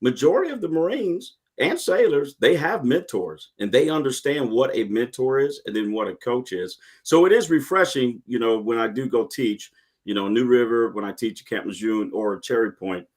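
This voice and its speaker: A middle-aged man, a retired Marine, talking in a casual interview with earnest, animated storytelling and frequent restarts. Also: mid-range voice, moderate pace. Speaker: guest, retired Marine and podcast host.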